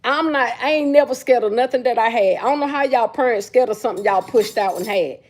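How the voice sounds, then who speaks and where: Middle-aged woman, livestream host; brash slangy storyteller, pitched a little high. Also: fast, a little mellow. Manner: blunt, sassy storytelling with slang. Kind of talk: casual livestream chat.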